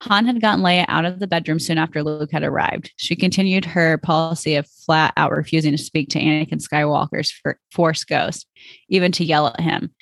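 Gravelly woman reading fan fiction aloud. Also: deep voice, fairly even intonation, brisk, no echo. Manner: plain storytelling read with stumbles. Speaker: podcast host.

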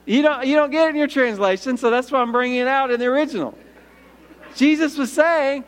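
A man preaching a sermon as pastor, emphatic, calling out for amens and dropping into hushed asides. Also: a little fast. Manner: emphatic, calls out for "Amen?", swings between punchy lines and hushed low asides. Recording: echoey hall reverb.

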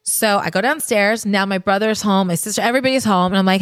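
A woman's voice: medium pitch, fast, hardly any pauses, dry recording. A woman in her fifties from the United States, a podcast host telling a personal story in a chatty, confiding way and talking straight to her listeners.

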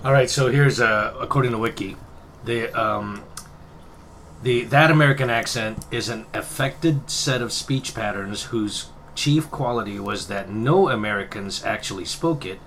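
A man's voice: fairly low pitch, a little slow, a bit bright, slight background noise. A man co-hosting a casual podcast, reading facts aloud with hesitant fillers. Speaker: podcast co-host. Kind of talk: casual banter.

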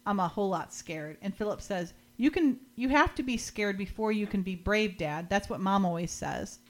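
Animated and medium-pitched, a woman talks at a moderate pace while recapping a TV episode on her podcast. It's casual chat: she recounts scenes, lightly acts out what characters said, and laughs often.

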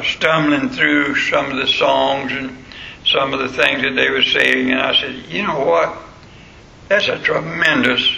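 An older man with a drawl delivers a homespun sermon, rambling through personal stories with plenty of "uh"s. His voice is gravelly yet bright and cutting. It rings out through an echoey church sanctuary. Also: medium pitch, slight background noise. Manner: plain-spoken, storytelling, frequent "uh" fillers. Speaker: pastor. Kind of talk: folksy sermon.

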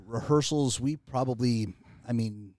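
A man's voice: medium pitch, unhurried, mellow, dry recording. Male guest actor, dry self-deprecating wit, close dry sound. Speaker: podcast guest, community theater actor. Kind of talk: casual chat.

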